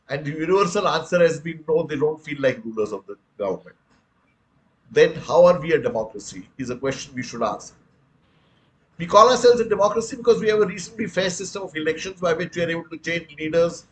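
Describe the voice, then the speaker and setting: A man's voice: fairly high pitch, rough recording. An older man from India with an Indian English accent, giving a public lecture in an earnest, emphatic way and addressing listeners as friends. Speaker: speaker on the right to information, retired commissioner.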